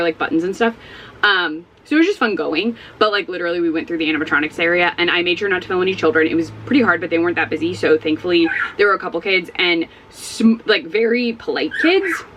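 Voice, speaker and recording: Rambling, animated woman vlogging from home. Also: on the low side, slight background noise, low-quality recording. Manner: rambling, self-interrupting, animated. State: sleepy. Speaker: book vlogger. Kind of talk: casual chatty vlog. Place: at home with a barking dog nearby.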